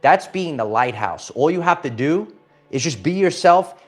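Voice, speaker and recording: A man's voice: a little high, lively intonation, moderate pace. A man hosting a casual livestream pep talk, rambling and upbeat, motivating viewers and reading out their comments. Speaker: host.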